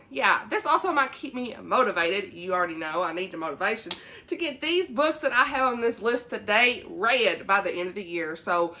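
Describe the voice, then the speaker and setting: A young book vlogger from the South talks briskly to her channel in a relaxed, chatty way, laughing often. Her voice is medium in pitch, bright and lively, and each "y'all" gets pulled long by her drawl.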